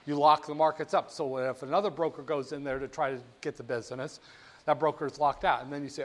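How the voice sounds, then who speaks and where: A male lecturer giving a classroom lecture in a lively, jokey way, speaking straight to his students. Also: on the high side, fairly quick.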